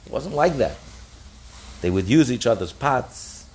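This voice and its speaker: A man's voice: a little slow, long pauses. A man teaching a daf yomi Talmud class, explaining with frequent restarts and acting out the sages' voices. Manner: animated, acts out the sages' voices with pitch jumps; repeats and restarts phrases while explaining.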